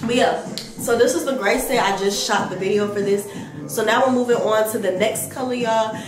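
A woman's voice: fairly high pitch, normal speed, music in the background. A young woman, a mother, chatting casually to her viewers in a home vlog while sick and achy, calling them "y'all" at every turn. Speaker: lifestyle vlogger and mother. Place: at home, in a bedroom.

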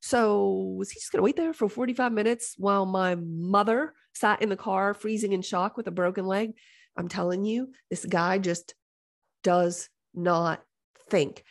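A middle-aged woman hosting a podcast, telling a story in a casual, animated way, exasperated and joking, often slipping into the voices of others. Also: medium pitch, unhurried, vocal fry. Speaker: podcast host.

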